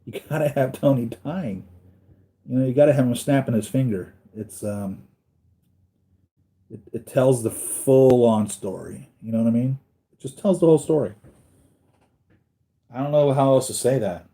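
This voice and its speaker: A man's voice: mid-range voice, moderate pace, long pauses, warm tone. A man hosting a casual live stream about collectible figures, rambling and thinking aloud as he answers viewer comments. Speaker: collectibles channel host.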